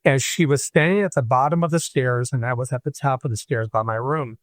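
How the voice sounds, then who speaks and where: A man from Michigan, a podcast guest, telling a personal story in an animated way and acting out the voices he quotes. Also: mid-range voice, a little fast, no room sound. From Michigan, USA.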